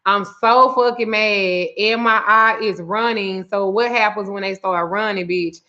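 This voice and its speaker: In a mid-range, steady voice that's a little slow, bright, and forceful, a spiritual reader and root worker vents a profane, exasperated story on a relaxed livestream. She reads viewer names aloud as she greets them, and the sound is lo-fi.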